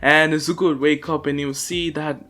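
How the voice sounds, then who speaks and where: A man's voice: fairly high pitch, little pitch movement, fairly quick, fairly bright tone. Rambling young man telling a story. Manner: rambling, full of fillers and restarts. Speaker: channel host. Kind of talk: casual improvised storytelling.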